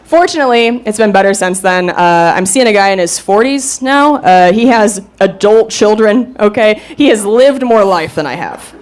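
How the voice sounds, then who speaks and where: A woman in her thirties doing a stand-up comedy set, animated and self-mocking. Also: mid-range voice, normal speed, hardly any pauses. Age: 30s. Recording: live show with crowd laughter. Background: audience laughter.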